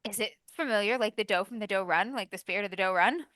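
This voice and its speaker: Female player, sharp bright voice, joking, laughs a lot. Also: mid-range voice, quick pace, no room sound. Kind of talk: playing a tabletop game.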